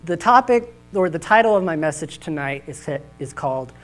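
A man's voice: on the high side, normal speed, soft background music, poor audio. A man preaching a sermon with humorous, folksy storytelling at a church service. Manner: animated, jokey, folksy.

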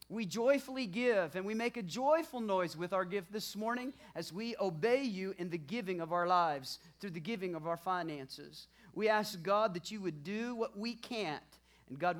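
A pastor giving church announcements and a sermon, preaching emphatically and repeating lines with building force. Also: medium pitch.

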